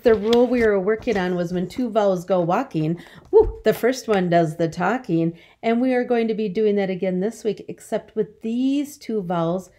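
Slow, mellow-voiced phonics teacher woman. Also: mid-range voice. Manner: slow, sing-song teacher voice, stretching out words. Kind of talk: early-grade phonics lesson.

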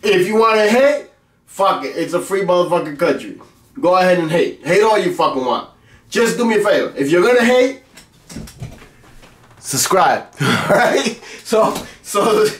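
Male vlog host, brash and boastful, swears constantly, high voice, echoey room, distant mic. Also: sing-song, unhurried. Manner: brash, boastful, heavy cursing, mock-angry outbursts. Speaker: web series host. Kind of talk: profane comic rant to camera.

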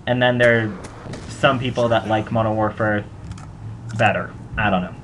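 A man's voice: fairly low pitch, fairly even intonation, moderate pace, fairly bright tone, a little hiss or hum. A young man hosting casual gameplay commentary, rambling and joking at his own expense. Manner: rambling, self-mocking, joking. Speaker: gaming channel host.

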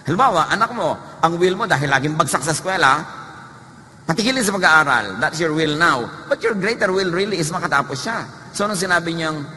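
Bright-voiced Filipino-accented preacher. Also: male voice, fairly high pitch, fast. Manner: animated, conversational, humorous. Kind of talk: sermon mixing Tagalog and English. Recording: echoey hall, faint noise.

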